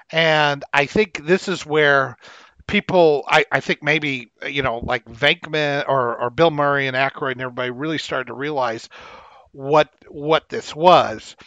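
A man co-hosting a casual podcast about movies, talking haltingly, repeating words and laughing often. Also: a little high, sharp tone, no room sound, lo-fi sound. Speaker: podcast co-host.

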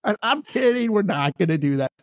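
A man's voice: high-pitched, fairly quick, no echo. Podcast host guy telling a story, laughs a lot, dry close sound. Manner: animated, laughs often, acts out quoted voices. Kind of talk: casual storytelling chat.

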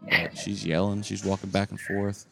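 A man's voice: sits low, little pitch movement, moderate pace, creaky, fairly bright tone, slight background noise. A middle-aged man co-hosting a podcast in casual chat, rambling and describing what he sees around him at a campground. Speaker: podcast co-host. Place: campground, indoors in a noisy shared space.

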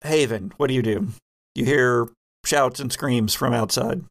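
A man narrating a tabletop horror game as game master, in measured, descriptive narration. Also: mid-range voice, vocal fry.

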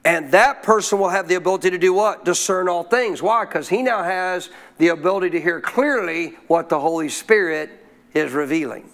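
A man's voice: high voice, moderate pace, fairly bright tone. A man preaching a sermon as pastor, asking questions and leaving blanks for the congregation to fill, repeating key lines with emphasis. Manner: call-and-response, leaves blanks for the crowd to fill. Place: church service.

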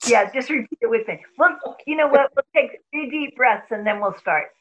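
A woman speaking as a spiritual teacher, calmly guiding breathing and a mantra meditation. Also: a little high, muffled recording. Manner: slow, calm, guiding.

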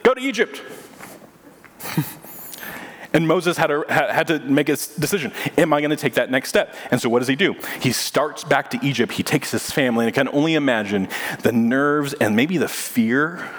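A young male pastor preaching in a church auditorium, telling stories in a loose, conversational way and acting out the lines of the people in them. His voice sits at an ordinary pitch, and the room adds a long, echoing reverb. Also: brisk. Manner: conversational, animated storytelling with acted-out quotes. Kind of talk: sermon with personal story.

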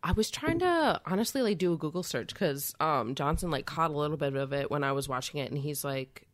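A woman's voice: low voice, animated, fairly quick, no room sound. A woman co-hosting a podcast, chatting casually with lots of fillers and frequent laughs. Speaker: podcast co-host. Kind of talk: casual chat.

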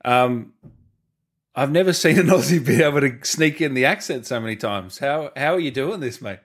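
A man's voice: mid-range voice, animated, normal speed. Easygoing male interview host. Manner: easygoing, asks questions, fills with tag questions. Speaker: podcast host. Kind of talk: casual interview chat.

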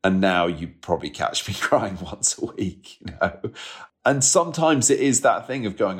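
A man's voice: low-pitched, animated, moderate pace. A man talking candidly as an interview guest, rambling, trailing off and laughing often. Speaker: podcast guest. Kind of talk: conversational interview.

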